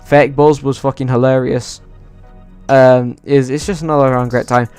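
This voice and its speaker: A man ranking movies in a casual vlog, excitable and swearing freely. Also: mid-range voice, moderate pace, clean tone, soft background music. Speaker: YouTuber.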